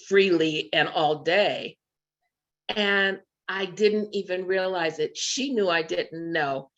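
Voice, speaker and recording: A woman's voice: on the low side, a bit bright. A woman giving a memorial tribute speech, telling fond anecdotes over a video call. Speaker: memorial speaker. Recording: muffled video call audio.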